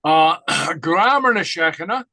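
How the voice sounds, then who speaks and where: A man teaching a language class, halting with many fillers and okays. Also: high-pitched, lively intonation, pushed and bright, no echo. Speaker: Gaelic teacher. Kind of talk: online class lesson.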